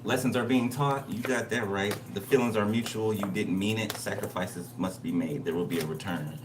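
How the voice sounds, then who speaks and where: A man's voice: on the low side, steady tone, moderate pace, reverberant, distant mic, noisy background. A man giving a casual spiritual reading. He talks bluntly and emphatically, repeats himself, and swears freely. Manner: blunt, repetitive, profane. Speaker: tarot reader.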